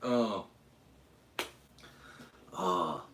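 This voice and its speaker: A man's voice: low-pitched, very slow, a bit bright, echoey room, slight background noise. A man from Utah hosting a casual livestream Q&A, rambling, correcting himself mid-sentence and joking with chat. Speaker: streamer host.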